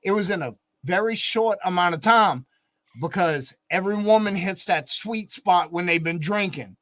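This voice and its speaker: High-voiced, halting chatty man. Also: a bit bright, no room sound. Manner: halting, repeats words, profane. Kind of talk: casual chat.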